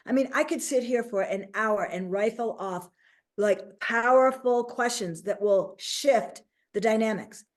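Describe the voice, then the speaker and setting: Woman coach chatting, lively, slips into silly voices, voice on the high side. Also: measured pace. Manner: animated, acts out little quoted voices. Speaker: host and life coach. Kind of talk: casual interview chat.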